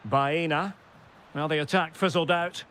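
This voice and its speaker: A man delivers football video game play-by-play with a high, bright, sharp tone. He calls players' names in short bursts and builds to excited cries at goals. A faint hiss sits behind him. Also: unhurried. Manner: terse calls that swell into excited shouts on goals. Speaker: play-by-play commentator.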